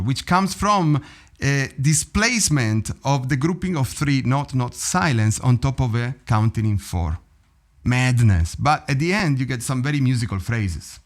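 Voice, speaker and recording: A man leads a drum practice session, his pitch swinging widely as he talks through rhythms. He speaks in an animated, playful way, often sounding out beats. Faint music plays behind him. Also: unhurried. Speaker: drum teacher. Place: drum studio.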